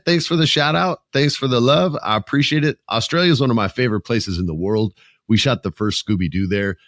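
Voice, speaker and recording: A lower-voiced man in his forties chats on his podcast in an animated, profane way. He acts out the people he quotes, and the recording is close and dry. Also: dry recording. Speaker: podcast host. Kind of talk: casual podcast chat.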